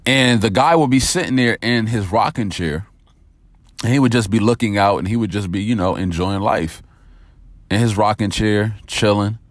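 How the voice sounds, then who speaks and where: A man's voice: fairly low pitch, moderate pace, no echo. A man hosting a motivational podcast, talking directly and energetically to his listeners and telling a story to make his point.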